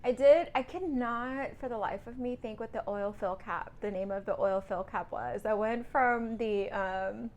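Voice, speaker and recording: A woman's voice: fairly high pitch, unhurried, hardly any pauses, lo-fi sound, slight background noise. A woman talking in a casual vlog about her truck driving lessons, rambling and correcting herself as she goes.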